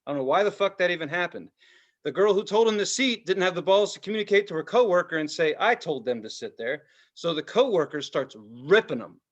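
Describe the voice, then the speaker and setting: High-voiced man telling a heated, profane story. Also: expressive, quick pace. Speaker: podcast co-host. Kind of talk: casual storytelling chat.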